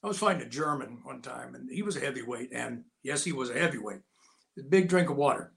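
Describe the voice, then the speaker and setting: A man in his sixties, an interview guest telling animated, folksy anecdotes in a casual way. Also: mid-range voice, fast talker, gravelly. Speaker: interview guest, actor and Navy veteran.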